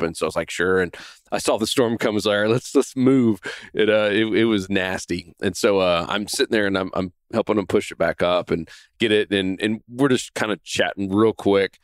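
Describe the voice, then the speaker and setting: Low-voiced middle-aged guy telling a story on his podcast, earnest, restarts a lot, dry close sound. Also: steady tone, brisk, clear, resonant tone, no echo. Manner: earnest, many restarts and "right?" asides. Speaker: podcast host. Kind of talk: casual storytelling monologue. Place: home in Florida.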